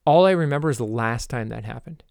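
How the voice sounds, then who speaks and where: A man's voice: mid-range voice, lively intonation, quick pace, creaky, a little mellow, smooth, no room sound, clean studio sound. A man hosting a motivational podcast monologue, rambling, correcting himself and cracking jokey asides. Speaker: podcast host.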